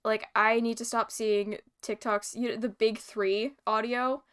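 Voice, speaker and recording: A young woman from British Columbia talks casually as a guest, rambling with plenty of fillers. Her voice sits a little high and has a bright, crisp edge. Her tone is smooth and clear. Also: flat delivery, a little slow. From British Columbia, Canada. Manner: chatty, rambling with many fillers and laughs. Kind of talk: casual chat.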